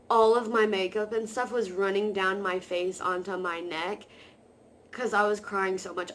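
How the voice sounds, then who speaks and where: A woman vlogger telling a story to camera in a rambling, excited way, full of "like" fillers. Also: mid-range voice, a little hiss or hum.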